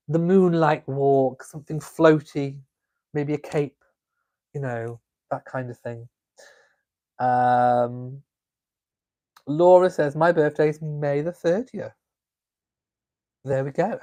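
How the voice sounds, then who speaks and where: A chatty, playful man hosts a relaxed live stream from home. He reads out viewer comments and answers them with camp little asides. His voice sits a touch higher than most men's. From England. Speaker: vlog host reading live chat. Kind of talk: casual live-stream chat. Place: home, drinking coffee.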